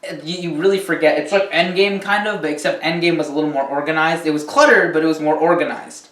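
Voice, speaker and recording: This movie reviewer talks fast in a bright, somewhat high voice with fairly level intonation. His casual rant about a film wanders, full of ums and an occasional curse. It was recorded with a distant mic in a room that echoes.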